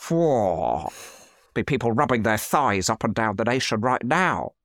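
A man's voice: mid-range voice, very animated, measured pace, a bit bright, dry recording, studio quality. A man doing a stiff, earnest politician. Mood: awkward glee. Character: earnest middle-aged male politician, awkward and prim. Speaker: stand-in host. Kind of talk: satirical comic chat.

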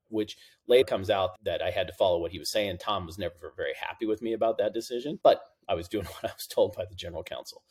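A man's voice: sits low, fast talker, few pauses, a little mellow. A middle-aged man, a guest on an interview podcast, telling anecdotes in a casual way and acting out the dialogue he quotes. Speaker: podcast guest, compliance officer.

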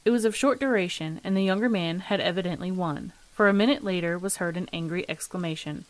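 A woman narrating a classic ghost story as the host of a reading show, in a measured, steady manner. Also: fairly low pitch, no echo.

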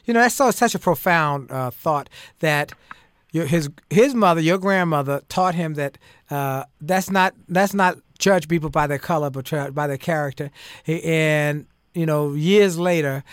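A male host of a conversational interview who tells stories in an animated way, with frequent fillers. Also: a little high, moderate pace, clear, resonant tone, dry recording, studio quality. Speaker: talk show host.

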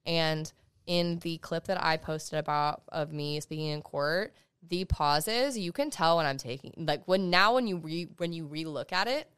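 A young woman, a law student guest on a podcast, talking fast and emphatically in casual conversation as she gives advice. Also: low-pitched, a bit bright, clear, resonant tone, no room sound, clean studio sound.

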